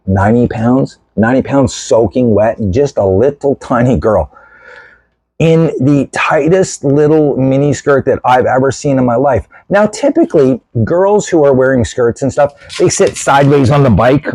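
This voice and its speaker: Animated self-mocking male storyteller. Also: medium pitch, no echo, rough recording. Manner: animated, self-mocking, gestures while telling. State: sick with a lung infection. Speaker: YouTube storyteller host. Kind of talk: casual storytelling to camera.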